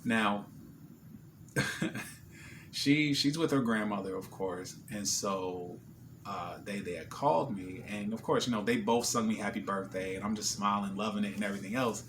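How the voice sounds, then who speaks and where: A man's voice: fairly low pitch, moderate pace, background noise. A man vlogging casually, telling a personal story with lots of slang, restarts and quoted dialogue.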